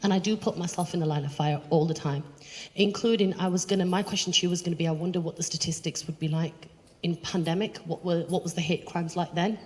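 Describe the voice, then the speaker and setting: A woman's voice: on the low side, fast. A woman giving a personal talk to an audience in an event hall, telling stories vividly and acting out other people's voices. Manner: animated storyteller, acts out others' voices. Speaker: charity chief executive giving a talk. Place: event hall, walking around away from the podium. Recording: long hall reverb.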